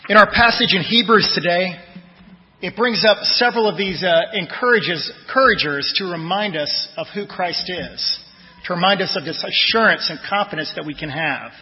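A man pastor preaching a sermon in a conversational way, telling personal stories and letting his phrases trail off softly. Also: sits high, normal speed. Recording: dull lo-fi audio with long church reverb.

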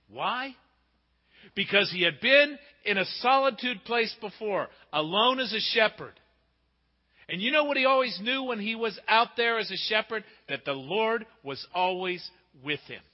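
A man preaching a sermon emphatically, asking rhetorical questions and swinging between loud and hushed delivery. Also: high-pitched. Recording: muffled with long hall reverb.

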